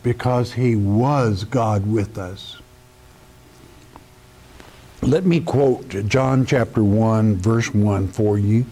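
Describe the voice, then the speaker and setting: A man's voice: fairly low pitch, very slow, pauses often, mellow. A man teaching the Bible verse by verse in a sermon, speaking emphatically and addressing the listener directly as a friend. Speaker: pastor.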